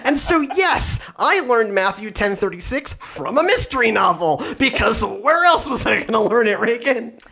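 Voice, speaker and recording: A man's voice: very high-pitched, big pitch swings, moderate pace, gravelly, hardly any pauses, pushed and bright. A man hosting a church podcast in casual conversation, rambling and self-deprecating with frequent restarts. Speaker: podcast host and pastor.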